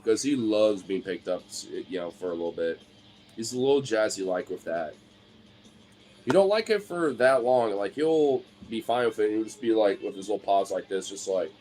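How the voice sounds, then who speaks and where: In a casual chat at normal speed, a young man who streams rambles along, full of filler words and swearing. Now and then he breaks into a high, excited baby-talk voice.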